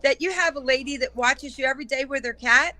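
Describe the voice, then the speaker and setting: Give me a high-pitched woman interviewer keeping a friendly chat on track. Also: fast, pushed and bright. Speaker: talk show host.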